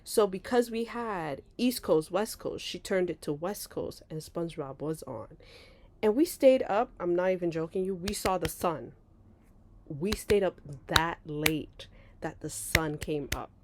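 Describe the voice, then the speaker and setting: Young woman vlogger doing a storytime, super lively voice, jumps high when she acts stuff out. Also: a little slow, a little hiss or hum. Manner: animated, laughing, acts out voices with big pitch jumps. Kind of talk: casual storytime.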